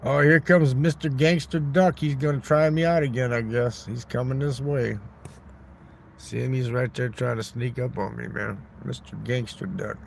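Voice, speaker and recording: A man livestreams from a neighborhood park on his phone, rambling casually, joking crudely and replying to chat. He speaks at a moderate pace in a steady, gravelly, mid-range voice, with slight background noise.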